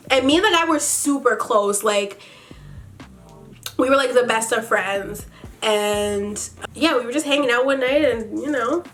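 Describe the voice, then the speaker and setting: A young woman vlogger telling a casual storytime, blunt and sassy, swearing freely and laughing often with big swings in pitch. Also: a bit bright. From Canada. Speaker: beauty vlogger.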